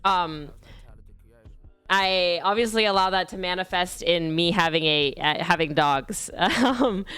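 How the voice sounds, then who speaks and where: A woman's voice: lowish voice, a little slow, fairly bright tone, clear, resonant tone, dry recording, faint music behind. A young woman streamer casually telling a rambling, self-deprecating story about her dogs, with frequent fillers and casual swearing.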